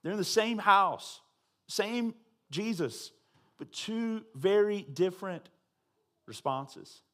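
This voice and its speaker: A man as pastor, high voice, chatty sermon, checks in with the congregation, dry side jokes. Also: animated, slow, fairly bright tone. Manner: conversational, with frequent tag questions to the congregation.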